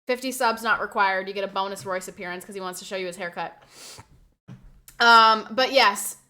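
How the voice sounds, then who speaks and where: A young woman streaming live, chatting casually with her viewers, venting gossip and reacting to the chat in an animated way. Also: mid-range voice, moderate pace.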